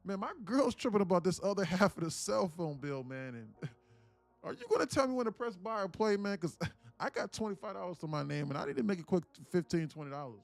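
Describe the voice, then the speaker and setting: A man's voice: high-pitched, animated, a little fast, gravelly, voice pushed up. A man voicing a broke, impatient young male viewer who swears and whines, demanding that the trades start. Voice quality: profane, whiny and mocking.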